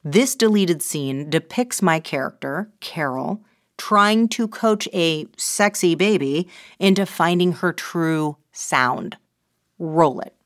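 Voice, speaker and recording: A woman hosts a video essay with scripted narration. Her voice sits low, and the sound is dry and close. She delivers it in a playful, wry and theatrical way. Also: slow, no echo.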